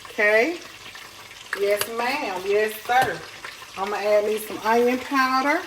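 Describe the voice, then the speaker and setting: A home cook chats with viewers in a folksy, direct way while making a meal in her home kitchen, like a casual cooking tutorial. Her voice sits on the high side and moves at an unhurried pace. The background is noisy, with a pan sizzling faintly.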